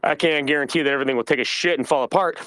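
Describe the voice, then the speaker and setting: A man's voice: fairly high pitch, very fast, fairly bright tone, no echo. A man hosting an ask-me-anything, talking off the cuff in a blunt, rambling way and swearing freely. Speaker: project founder hosting an AMA. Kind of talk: casual unscripted monologue.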